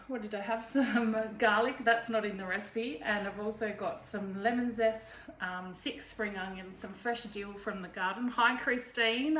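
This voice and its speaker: Here a woman with a medium-pitched, slightly bright voice presents a live cooking session from her own kitchen, talking freely and laughing often as she moves between steps. The room is echoey and carries faint background noise.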